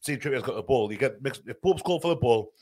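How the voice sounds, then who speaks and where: A man's voice: mid-range voice, lively intonation, quick pace, a little mellow. A man, a podcast panelist in casual football chat, arguing his point step by step. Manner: argumentative, talks through the logic step by step.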